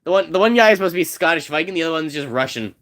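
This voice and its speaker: Streaming a game, a man chats casually with his viewers, joking and rambling as he talks to chat. His voice is fairly high and fairly bright, with lively intonation and a racing pace.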